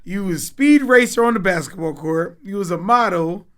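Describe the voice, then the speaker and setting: A woman's voice: mid-range voice, lively intonation, normal speed. A woman hosting a casual interview, joking and using slang. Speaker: host.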